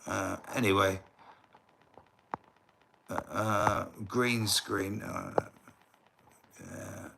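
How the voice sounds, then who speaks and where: A man's voice: fairly low pitch, fairly even intonation, extremely slow, gravelly, pauses often, noisy background. An English man on a casual livestream, rambling and talking straight to his chat viewers, now and then flaring up in indignant bursts.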